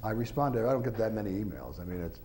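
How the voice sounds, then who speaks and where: A man's voice: on the low side, lively intonation, rapid-fire, dark tone, a little hiss or hum, low-quality recording. A man, an author, giving an informal talk to an audience, rambling through anecdotes with lots of filler phrases and acting out quoted voices.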